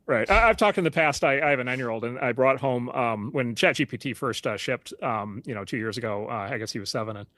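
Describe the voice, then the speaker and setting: A middle-aged man talks at a rapid clip in a casual interview, animated and full of fillers and restarts. His voice sits at an ordinary pitch. The recording is close and dry. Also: dry recording.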